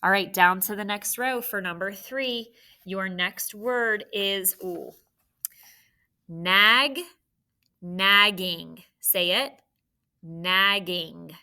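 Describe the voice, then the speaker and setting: A woman's voice: medium pitch, drawn-out words, sharp tone, smooth. A woman teacher leading a spelling lesson, sounding out words letter by letter.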